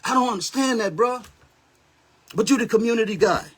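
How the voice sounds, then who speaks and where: A man's voice: extremely high pitch, brisk, breathy edge. A man in his seventies, a pastor hosting a Facebook live, talking bluntly and confrontationally in a heated, street-style rant. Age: 70s. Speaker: pastor and livestream host. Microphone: phone or webcam livestream.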